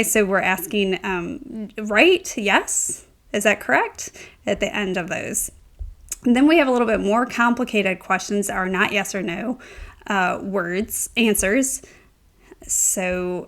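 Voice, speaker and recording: A woman's voice: medium pitch, fairly bright tone. A woman teaching a tutorial, explaining step by step with frequent ums and self-corrections. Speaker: Spanish teacher. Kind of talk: instructional tutorial.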